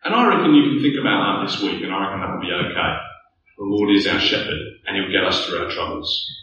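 Aussie guy preaching slow, big roomy echo, mic kinda far away. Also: low-pitched, lively intonation, highs cut off, a little hiss or hum. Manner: earnest, building to loud rhetorical questions. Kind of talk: sermon. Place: church hall. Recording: echoey distant church room mic.

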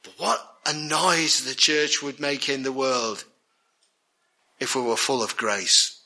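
A man's voice: medium pitch, slow, pushed and bright. A man preaching a sermon, earnest and emphatic, repeating key words for weight.

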